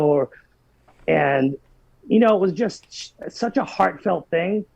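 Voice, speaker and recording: A man in his forties telling his own story as a podcast guest, earnest and heartfelt, with a gravelly voice. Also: high voice, lively intonation, takes it slowly, a little mellow, no echo, lo-fi sound. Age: 40s. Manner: earnest, heartfelt, many restarts. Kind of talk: personal storytelling.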